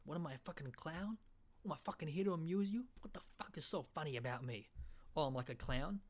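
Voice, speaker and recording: A man with an Australian accent voicing a blustering, aggressive movie tough guy with a loud, repetitive, swaggering delivery. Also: fairly high pitch, animated, quick pace, voice pushed up, natural voice.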